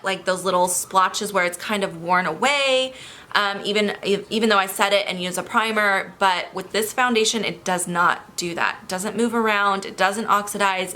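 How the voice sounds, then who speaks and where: A woman beauty vlogger chatting enthusiastically and quickly through a casual product review. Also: medium pitch, pushed and bright. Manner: chatty and enthusiastic, talks fast.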